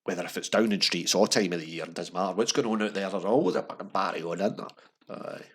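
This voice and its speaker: A man's voice: low voice, fast, slightly rough. A Scottish man hosting a casual pub quiz, rambling and swearing through wry asides between questions.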